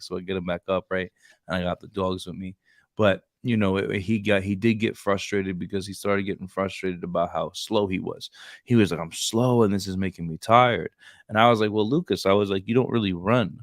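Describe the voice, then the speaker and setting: Low-voiced man telling a story, dry sound. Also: no echo. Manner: storytelling, says "like" and "bro" a lot. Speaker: podcast co-host. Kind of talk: casual chat.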